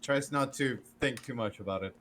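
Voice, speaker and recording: A man's voice: mid-range voice, normal speed, a bit bright, slight background noise. A man playing in a tabletop game, chatting casually and swearing freely. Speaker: player.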